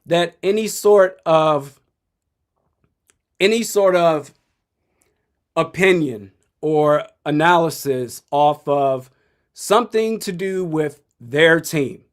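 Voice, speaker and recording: A man's voice: on the high side, expressive, takes it slowly, pauses often. A young man in his twenties commenting live on a football game, blunt and opinionated, chuckling often. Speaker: sports streamer.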